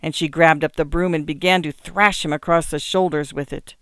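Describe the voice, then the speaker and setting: Clear-voiced woman reading stories. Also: deep voice, no echo, clean studio sound. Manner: measured, expressive reading. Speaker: radio reader and host. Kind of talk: scripted narration of short stories.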